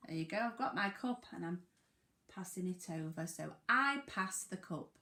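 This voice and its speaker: A woman teaching a phonics lesson to young children, sounding out words slowly and emphatically. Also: on the low side, animated, bright, forceful tone. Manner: slow, sing-song, emphatic sounding out of words. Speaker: primary school teacher. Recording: echoey room.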